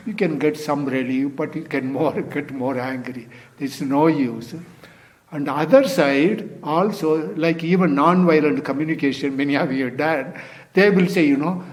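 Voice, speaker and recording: An older man, a Zen teacher, giving a dharma talk in loose, non-native English, often adding "you see" and "you know.". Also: a little high.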